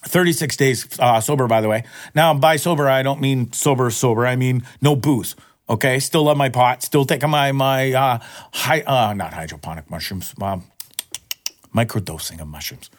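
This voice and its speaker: A man ranting casually to his viewers. He rambles, repeats words and swears often. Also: normal speed. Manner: excitable, jumps up in pitch when worked up. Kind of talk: casual profane rant to camera.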